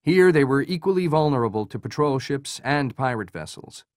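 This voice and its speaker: A man reading a thriller audiobook as its narrator, in an even, measured way. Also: mid-range voice, no room sound, studio quality.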